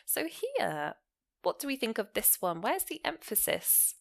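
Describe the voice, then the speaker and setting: A woman teaching a grammar lesson. She explains points clearly and leans hard on key words, often. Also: a little high, measured pace. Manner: explanatory, stressing key words with lively rises and falls. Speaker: English teacher.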